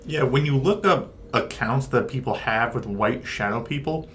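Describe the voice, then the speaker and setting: A man co-hosting a paranormal discussion show, chatty and quick in places. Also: mid-range voice, a bit bright, a little hiss or hum. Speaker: paranormal podcast co-host. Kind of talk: casual discussion.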